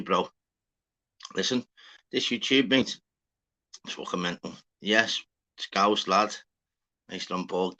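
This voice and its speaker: Scouse guy on a livestream, bright edgy voice, swears a lot, chats to viewers. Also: on the low side. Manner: swearing, rambling, greeting viewers by name. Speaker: livestream host. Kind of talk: casual live chat.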